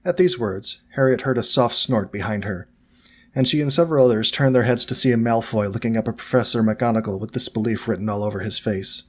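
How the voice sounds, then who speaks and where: A man narrating a fan fiction audiobook in a steady, even storytelling manner. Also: fairly low pitch, a little fast.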